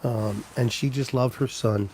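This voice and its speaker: A man's voice: mid-range voice, steady tone, unhurried, a little mellow, a little hiss or hum. Rambling man chatting on a live stream. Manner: rambling storyteller, answers viewers' comments. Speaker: trucker livestreaming, reading chat. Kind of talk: casual live-stream chat.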